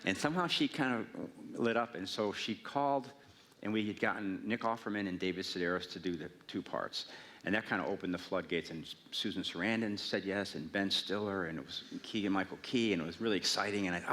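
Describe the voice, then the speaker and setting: Wry man with a low voice. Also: brisk, a bit bright, a little hiss or hum. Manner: wry, self-mocking humor. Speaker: author answering audience questions. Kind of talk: casual Q&A talk. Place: public library event hall.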